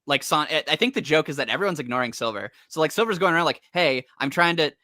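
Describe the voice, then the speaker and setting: A man co-hosting a casual comic-book chat, relaxed and swearing freely. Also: on the high side, rapid-fire, no room sound, studio quality.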